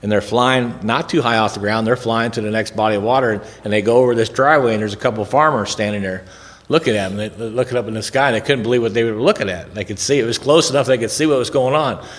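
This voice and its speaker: A man's voice: medium pitch, quick pace. Folksy man in an echoey hall. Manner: folksy, rambling, conversational, drops in "man" and "right?". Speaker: recovery speaker. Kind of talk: storytelling talk at a recovery event. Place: large hall at a recovery event. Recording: long reverb of a big hall.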